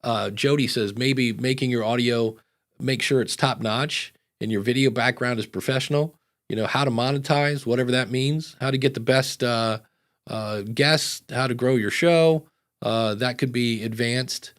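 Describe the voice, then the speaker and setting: A man's voice: mid-range voice, normal speed. A man hosting a podcast, reading out chat comments and chatting casually with many fillers. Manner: loose and rambling, many fillers. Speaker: podcast host.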